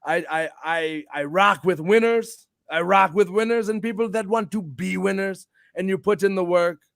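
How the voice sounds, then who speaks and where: Gravelly high-voiced brash male host. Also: moderate pace, a bit bright, dry recording, clean studio sound. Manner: brash, hypes himself, swears freely. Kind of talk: casual livestream talk.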